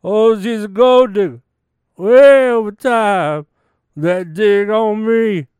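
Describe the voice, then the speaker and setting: A man putting on a mock singing impression of a male singer, wailing in a high falsetto with cracking cries. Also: takes it slowly, a little mellow, clean tone, no echo, studio quality. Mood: mock crooning. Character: male singer crooning, warbling falsetto parody.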